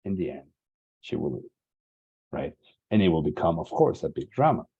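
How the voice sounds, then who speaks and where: Earnest 40s man from Latin America, speaker at an online summit. Very low, husky voice. Dull lo-fi video-call sound. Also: big pitch swings, normal speed, warm tone. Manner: earnest, emphatic, repeats key words. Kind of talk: motivational talk.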